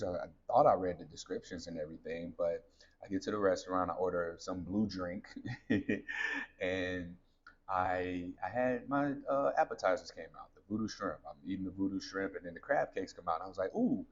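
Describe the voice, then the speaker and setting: A man's voice: low voice, dull audio. A man in his thirties, a podcast host, candidly telling a personal story to his listeners in a conversational way. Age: 30s.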